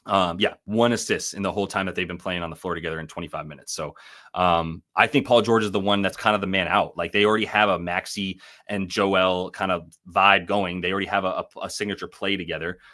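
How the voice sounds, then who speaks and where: A man with a low voice hosts a live betting stream. He rambles casually, swears freely and corrects himself as he goes. His delivery is loose and unscripted. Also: steady tone, quick pace, pushed and bright. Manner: loose, profane, rambling with many fillers. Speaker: sports betting show host.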